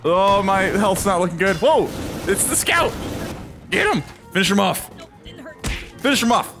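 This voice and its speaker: Excitable male gamer, high and bouncy, commentating over game music. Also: normal speed, vocal fry. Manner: excitable, chatty, laughs often. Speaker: gaming YouTuber. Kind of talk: gameplay commentary.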